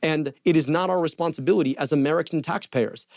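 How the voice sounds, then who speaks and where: A man answering in a podcast interview, arguing his point quickly and conversationally. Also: fairly high pitch, darkish tone, no room sound, studio quality. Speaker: political candidate being interviewed.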